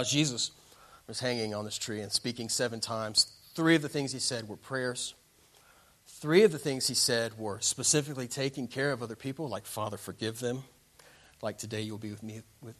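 Man, pastor, sermon, dramatic loud-soft swings, slows for emphasis, mid pitch.

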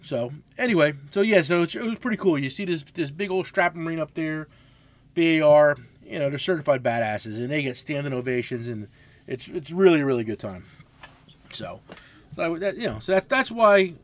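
A man in his forties co-hosting a casual podcast, telling loud, profane stories. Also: fairly high pitch, lively intonation, moderate pace. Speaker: podcast co-host, mechanic.

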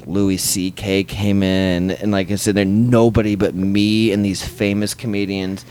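Comedian guy, kinda low voice, drunk hotel room chat, swearing a lot, acting out quotes in his story. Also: flat delivery, unhurried, a little mellow. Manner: profane, rambling anecdotes with acted-out quotes. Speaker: comedian guest.

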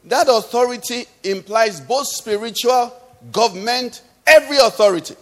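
A man's voice: very high-pitched, normal speed, fairly bright tone. A middle-aged man preaching a sermon, drawing call-and-response from the congregation and telling everyday stories to make his point. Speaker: pastor. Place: church hall. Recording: long hall reverb.

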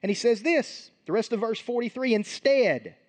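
Lively high-voiced male pastor. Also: normal speed. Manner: conversational, acts out Bible scenes. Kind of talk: sermon.

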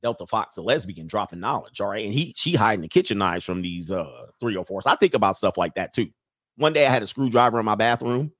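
A man's voice: lowish voice, lively intonation, quick pace, fairly bright tone, no room sound, clean studio sound. A man hosting a live stream, reading viewer comments aloud and riffing on them in a loose, joking way. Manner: loose, joking, talks straight to the chat. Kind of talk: casual commentary.

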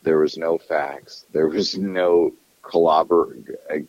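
Low-voiced man ranting on a podcast. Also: fairly even intonation, slow, darkish tone, no echo, muffled recording. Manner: profane, rambling, restarts sentences. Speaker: podcast co-host. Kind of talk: casual political chat.

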